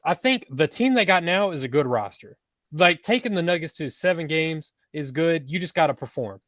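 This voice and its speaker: A man's voice: fairly high pitch, lively intonation, normal speed, fairly bright tone, dry recording. A man co-hosting a casual sports talk show, rambling through his basketball takes in a laid-back way. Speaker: podcast co-host.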